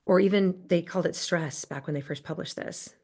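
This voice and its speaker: A woman with a somewhat low voice talks through research findings on a podcast. Her delivery is conversational and enthusiastic, and she builds her points step by step. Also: brisk, mellow. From United States. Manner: explanatory, enthusiastic, cites research. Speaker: podcast guest, positive psychology expert. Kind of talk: conversational interview. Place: Southern California.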